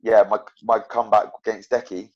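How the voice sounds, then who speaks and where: Low-voiced man, rambling on a muffled line. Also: brisk, a crowd in the background. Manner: rambling, full of fillers and restarts, animated storytelling. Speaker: professional MMA fighter, guest. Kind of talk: casual interview chat. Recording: dull lo-fi podcast audio.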